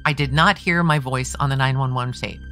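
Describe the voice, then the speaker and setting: A terse male police officer answers from the witness stand, read aloud by a woman. The voice is low and subdued, giving short, clipped replies. Faint music plays behind. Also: fairly quick, sharp tone. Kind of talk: reading a trial transcript aloud.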